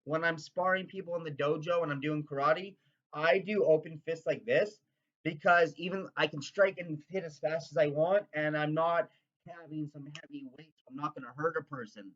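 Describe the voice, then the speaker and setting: Excitable Canadian guy, swears constantly, rambling rant; a bit higher-pitched; dull lo-fi recording. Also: normal speed. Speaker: vlogger. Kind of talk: casual rant.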